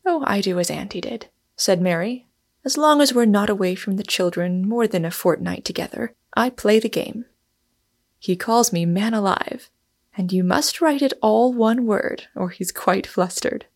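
A woman's voice: mid-range voice, normal speed, lightly acted. A woman reading a novel aloud, voicing a hearty, plain-spoken young wife who talks lightly and bluntly. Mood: brisk.

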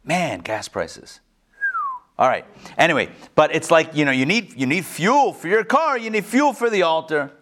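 A man's voice: a little high, big pitch swings, normal speed, background noise. A man casually teaching a study class, asking the group questions and making joking asides.

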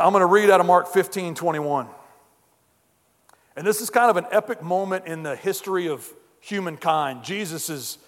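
A man preaching a sermon at a men's breakfast, energetic and exhorting, often repeating words as he starts a phrase. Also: a little high, long reverb tail.

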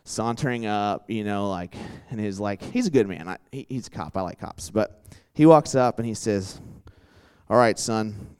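A young man preaching in a casual storytelling style, chatty and animated, full of asides and questions put to a live audience. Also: on the low side, normal speed, few pauses, clear, resonant tone. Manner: chatty and animated, full of "like" and "right?", quizzes the crowd. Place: church hall with a live audience.

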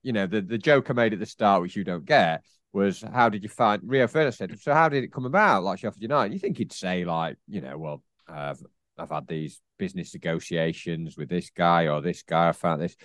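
Low-voiced man rambling about football. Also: moderate pace, dry recording, studio quality. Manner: rambling, teasing, laughs often. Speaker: podcast co-host. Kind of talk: casual football chat.

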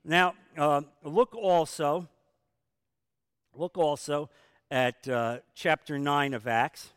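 A man preaching a sermon as pastor, emphatic, with rhetorical questions and sudden swings in loudness. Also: fairly high pitch, takes it slowly, clean tone, dry recording, studio quality, big-room sound.

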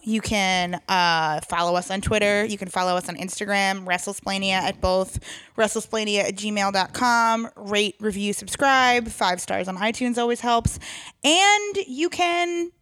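A woman's voice: mid-range voice, animated, measured pace, a bit bright, no echo. A woman co-hosting a chatty podcast, joking with her friend and reading the show's sign-off plugs. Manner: playful, laughing, reads show plugs. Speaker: podcast co-host. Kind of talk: casual chat.

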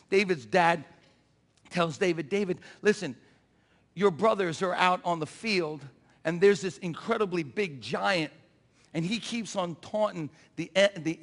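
A man preaching an impassioned sermon, building to shouted peaks with a repetitive cadence. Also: sits high, long reverb tail.

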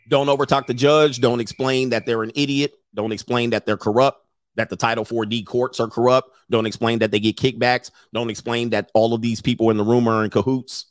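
A man's voice: medium pitch, little pitch movement, moderate pace, dry recording, clean studio sound. A middle-aged man giving blunt, profane advice in a casual talk, often mimicking others in a raised voice. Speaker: podcast host giving advice.

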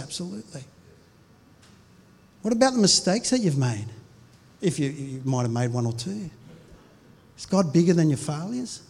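A man's voice: fairly high pitch, a little mellow. A man in his forties, a pastor preaching a sermon in a conversational, storytelling way with frequent restarts. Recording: reverberant hall.

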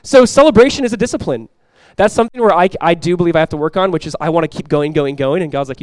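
Male pastor, young adult, smooth clear voice, slightly high, dry close sound, lively conversational sermon. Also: fast talker, no echo. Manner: energetic, conversational preaching with frequent restarts.

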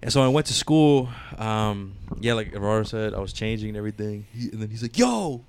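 A man's voice: fairly low pitch, steady tone, fast talker, clean tone. Rambling, profane young man telling stories. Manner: rambling, profane storytelling with many restarts. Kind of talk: casual chat.

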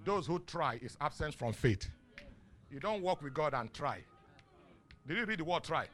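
A middle-aged man with a Nigerian accent preaching a sermon in call-and-response style. He swings from soft asides to shouts and chuckles often. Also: a little high, animated, normal speed, faint music behind. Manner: chuckles often mid-sentence. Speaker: pastor.

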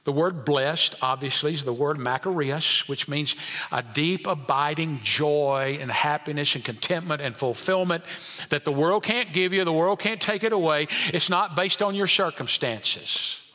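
High, bright-voiced preacher. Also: male voice, a little slow, in a large hall. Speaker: pastor. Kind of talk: sermon.

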